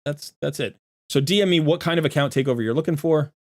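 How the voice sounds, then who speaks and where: A man's voice: a little high, quick pace. A man streaming a game and coaching viewers, talking bluntly and emphatically and often repeating himself, sounding a bit irritated. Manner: sounds irritated while sorting gear. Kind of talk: casual livestream commentary.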